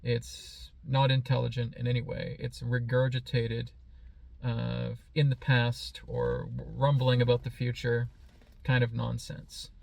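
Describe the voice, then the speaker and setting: A man giving a slow, calm spiritual teaching in a meditative, reflective manner. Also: mid-range voice, creaky. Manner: playfully mimics excited voices.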